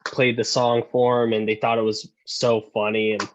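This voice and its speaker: A man's voice: medium pitch, normal speed, muffled recording, slight background noise. Guy on a podcast telling old army stories, swears a lot, does the voices, keeps cracking up. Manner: animated, laughs often while telling stories; profane, acts out quoted voices. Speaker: podcast guest. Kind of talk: casual storytelling.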